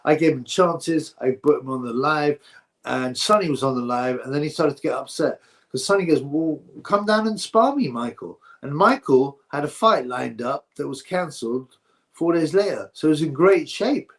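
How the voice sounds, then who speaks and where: A man's voice: a little high, moderate pace. A man hosting a boxing livestream, rambling through viewer comments and giving blunt opinions in casual chat. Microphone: streaming setup mic.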